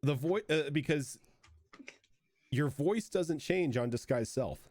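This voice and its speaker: A man running a tabletop game as game master, narrating in a relaxed way with filler words. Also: a little high, slow pace, no room sound.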